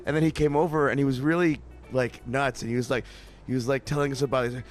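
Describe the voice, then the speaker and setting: A man's voice: medium pitch, steady tone, fast talker. A man from Canada, a musician interview guest, telling stories in a rambling way with many restarts. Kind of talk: casual interview chat.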